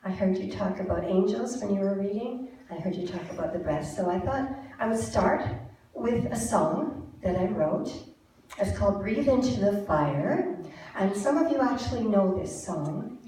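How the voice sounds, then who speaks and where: A woman leading a church congregation through breathing and a song, speaking in gentle, encouraging, unhurried instructions. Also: medium pitch, expressive, slight background noise. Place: church sanctuary with live audience. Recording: very echoey room, mic far off, music behind.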